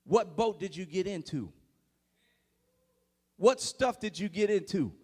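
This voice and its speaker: A man preaching a sermon, building from hushed tones to shouting, firing rhetorical questions at the congregation. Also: high-pitched, animated, measured pace, slightly rough. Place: large church sanctuary. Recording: long reverb of a church hall.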